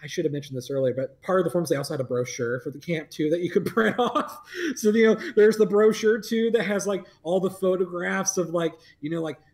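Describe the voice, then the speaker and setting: Young man, casual chat host, slightly high voice, rambling delivery full of fillers. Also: steady tone, fairly quick, few pauses, darkish tone. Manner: rambling storyteller, laughs mid-sentence, many fillers. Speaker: podcast host.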